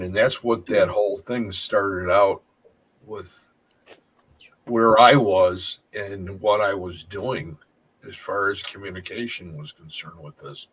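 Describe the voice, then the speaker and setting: A man with a low-pitched, husky voice tells stories in a relaxed group chat. He rambles, circles back and restarts his sentences as he goes. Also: rough recording. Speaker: paranormal investigator. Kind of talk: casual storytelling chat.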